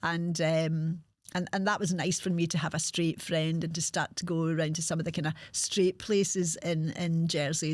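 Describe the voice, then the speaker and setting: A woman in her sixties with a Glasgow accent, hosting a podcast and telling her own life story frankly, with halting restarts. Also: low voice, no room sound. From Scotland. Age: 60s. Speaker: podcast host. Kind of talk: candid personal storytelling.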